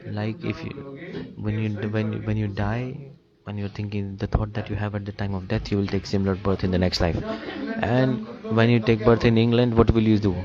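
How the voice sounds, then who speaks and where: Indian man translating a sermon, flat. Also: lowish voice, normal speed, hardly any pauses. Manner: rephrases himself and asks the listeners rhetorical questions. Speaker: translator of a spiritual lecture. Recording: dull lo-fi recording with crowd behind.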